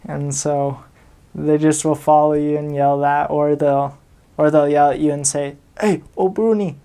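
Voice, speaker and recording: A man's voice: a little high, completely flat delivery, unhurried, mellow, smooth. A young man from the United States, a returned missionary, casually telling stories with chuckles and fillers. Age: young adult. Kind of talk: casual storytelling.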